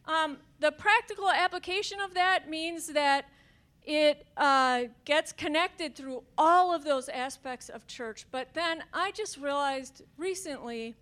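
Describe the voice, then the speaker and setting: Woman minister talking fast and earnest, pretty high voice, some ums. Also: fairly bright tone. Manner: earnest, fast-paced with fillers. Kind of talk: panel talk.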